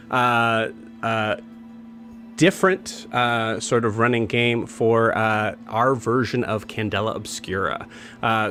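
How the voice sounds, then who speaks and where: A man's voice: mid-range voice, fairly bright tone. A man hosting a game stream, casually announcing campaigns and rambling with many filler words and restarts. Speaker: game master and show host.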